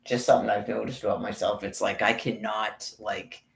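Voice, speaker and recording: A man's voice: lowish voice, little pitch movement, normal speed, creaky, echoey room, slight background noise, poor audio. A man vlogging on a walk, talking in a rambling, profane monologue and calling out viewers by name. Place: outdoors on a walk.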